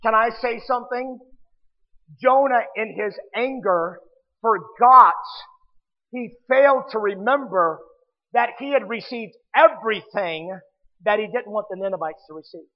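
A man's voice: high voice, measured pace, big-room sound, muffled recording. A man preaching a sermon, emphatic and appealing directly to his listeners.

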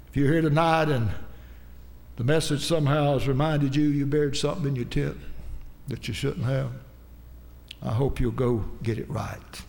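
A man preaching a sermon in a church, emphatic and rising into shouts. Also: on the high side, fairly even intonation, normal speed, gravelly. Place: church sanctuary. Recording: long hall reverb.

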